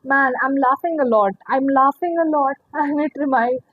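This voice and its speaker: A young woman with a high voice talks through a tarot reading in a loose, rambling way, laughing often and swearing without a second thought. The recording is dry and a little dull, with no room sound around her. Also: animated, a little fast, dry recording. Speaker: tarot reader. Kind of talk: casual tarot reading monologue.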